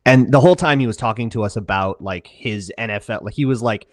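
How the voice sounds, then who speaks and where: A man's voice: on the low side, quick pace, few pauses, no room sound, studio quality. A man co-hosting a sports podcast, telling a rambling casual story full of filler words. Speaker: podcast co-host.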